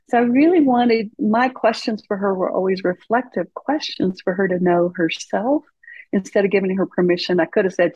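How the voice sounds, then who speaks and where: A woman with a husky, slightly breathy voice tells parenting stories as a podcast guest, playing out the voices of the people in them. The sound is dry and close, with a somewhat dull, muffled quality. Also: mid-range voice, normal speed, dry recording. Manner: animated, acts out dialogue in her stories. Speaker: parent coach and psychotherapist guest. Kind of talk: conversational podcast storytelling.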